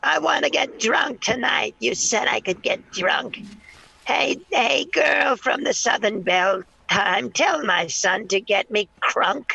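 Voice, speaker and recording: Man voicing a creaky old granny who calls everyone dear. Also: very high-pitched, expressive, slow pace, bright, forceful tone, dry recording, full character voice. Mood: demanding. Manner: sweetly insistent, repeating "dear", crude. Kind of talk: prank call role-play.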